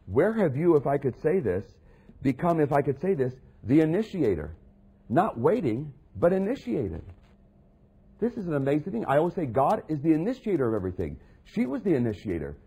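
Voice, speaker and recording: A husky-voiced man delivers a sermon with a lively, rolling pitch. He drops low for asides and climbs high and loud when he acts out scripture. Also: brisk. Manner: dramatic, swings from quiet asides to loud acted quotes of Jesus. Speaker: preacher.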